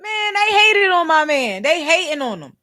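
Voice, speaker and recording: A woman from Philadelphia doing casual, excitable livestream commentary on a news story, slangy and talking straight to her viewers. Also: very high-pitched, normal speed.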